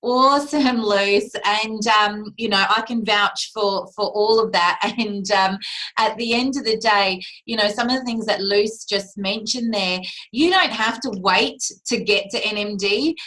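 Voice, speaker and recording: A woman hosts an interview in an upbeat, encouraging manner. Her voice is bright, and her tone is casual. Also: mid-range voice, a little slow, low-quality recording. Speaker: interview host.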